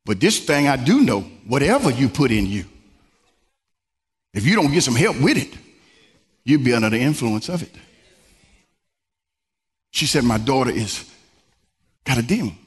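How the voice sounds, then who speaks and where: A male pastor preaching a sermon in a style, swinging from low murmurs to high exclamations. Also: sing-song, normal speed, pauses often. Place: church sanctuary. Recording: long reverb from a large church hall.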